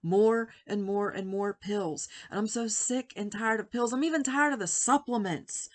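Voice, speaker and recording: A woman's voice: mid-range voice, normal speed, hardly any pauses. A woman in her fifties talking candidly and with feeling in a personal health vlog, rambling at times. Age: 50s. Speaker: vlogger.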